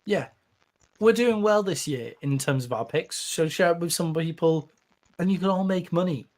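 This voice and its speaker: A young British man chats about football picks in an easygoing way. He laughs often and sounds relaxed with his co-host. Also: on the high side, normal speed. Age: young adult. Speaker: podcast co-host. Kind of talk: casual sports-betting chat.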